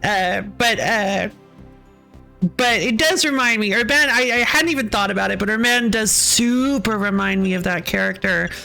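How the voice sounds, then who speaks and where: A woman's voice: medium pitch, moderate pace, gravelly, pushed and bright, faint music behind. A woman streamer chatting casually while playing, ranting with frequent laughs and sighs. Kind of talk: casual game stream chat.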